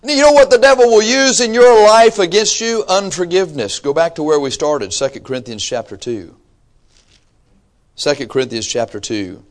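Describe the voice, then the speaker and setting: At a moderate pace, a man preaches with emphasis, dropping to quiet asides and then shouting exhortations. He reads from scripture and mimics the excuses his listeners make.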